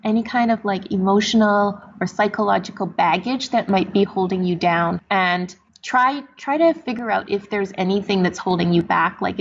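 A woman guest on a podcast, a doctor, giving earnest, measured advice. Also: mid-range voice, vocal fry, slightly rough, highs cut off. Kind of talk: podcast interview.

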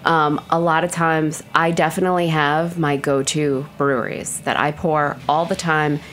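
A woman's voice: deep voice, flat delivery, moderate pace, a bit bright, a little hiss or hum. A woman who runs a bar, chatting casually about the beers she pours, with plenty of fillers. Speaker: bar owner and beer buyer. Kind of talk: casual chat.

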